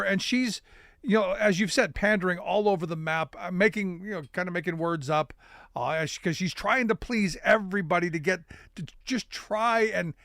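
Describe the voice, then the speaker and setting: Gravelly high-voiced male talk host. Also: a bit bright, no room sound, studio quality. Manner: halting, many restarts, self-deprecating asides. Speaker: radio talk show host. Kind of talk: political talk show chat.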